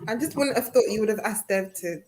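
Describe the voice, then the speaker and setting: A woman's voice: medium pitch, quick pace, a little mellow. Chatty, giggly woman on a panel. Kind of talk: casual live panel banter.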